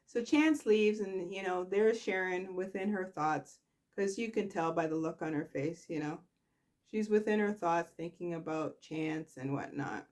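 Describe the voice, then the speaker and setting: A woman at home walks through a soap opera's events in a chatty, animated, slow way, performing the characters' dialogue with sharp swings in pitch.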